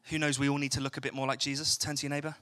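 A man's voice: medium pitch, level tone, rapid-fire, bright, forceful tone. A young English man preaching a chatty evening church sermon, joking and asking the congregation questions. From England. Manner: chatty, jokey, asks the crowd questions. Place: church hall.

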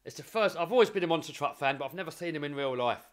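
Young male vlogger, slightly high voice, casual motivational storytelling with earnest repeats. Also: animated, very fast. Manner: earnest, repeats words while building momentum.

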